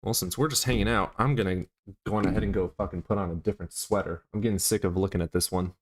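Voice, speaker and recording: A man's voice: low voice, fairly even intonation, fast. A man hosting a live stream, chatting casually with viewers in crude, teasing banter full of swearing.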